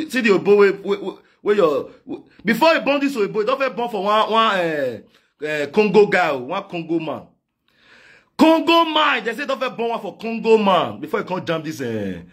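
A man with a Nigerian Pidgin accent, delivering a loud comic rant in chanted, repetitive call-outs. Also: sits high, breathy edge. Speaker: online comedian. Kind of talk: singing and shouting comic rant.

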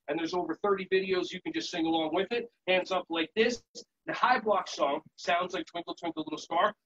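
A man teaching a live virtual workshop, playful and energetic, chanting songs and shouting sudden "aya" calls. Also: high-pitched, dull audio, a little hiss or hum. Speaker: children's yoga and martial arts instructor.

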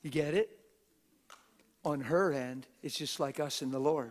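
A man's voice: on the high side, a little slow, long pauses, a little mellow. A man preaching a live church sermon in a conversational way, firing rhetorical questions at the audience and acting out the voices of people he quotes. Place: church gathering.

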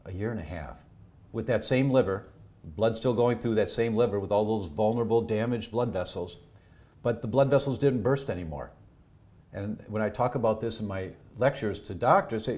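A middle-aged male doctor with a somewhat low voice tells family stories in a podcast interview. He speaks earnestly, lifting his voice when animated and dropping to a hush at the sad parts. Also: normal speed. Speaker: doctor and health educator. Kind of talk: emotional personal storytelling in a podcast interview.

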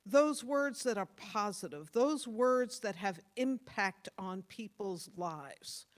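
A woman pastor giving a sermon, earnest and motherly, stressing points hard and then dropping to soft tones. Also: medium pitch, expressive, slow pace. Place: church.

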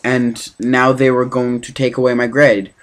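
A man reading a novel aloud as an amateur, halting now and then with slips and restarts. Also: mid-range voice, flat delivery. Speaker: reader.

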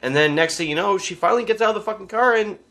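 Man, movie reviewer, bright tense voice, casual profane recap, animated. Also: high-pitched, racing. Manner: animated, swearing constantly, laughing asides.

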